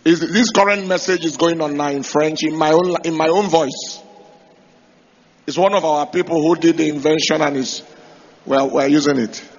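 A male preacher giving an emphatic sermon, raising his voice to shout key points and asking the congregation rhetorical questions. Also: on the high side, fairly even intonation, moderate pace, highs cut off. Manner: emphatic, rising to shouts to drive points home.

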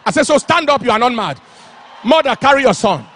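Impassioned high-voiced male preacher. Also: big pitch swings, a little fast, a little hiss or hum. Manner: impassioned preaching, shouting and chanting phrases. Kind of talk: sermon.

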